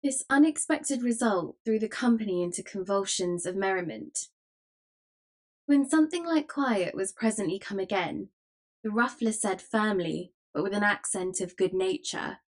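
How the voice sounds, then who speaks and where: A woman's voice: medium pitch, animated. Woman narrating a classic novel. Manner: measured, storytelling. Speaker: audiobook narrator. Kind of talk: scripted narration.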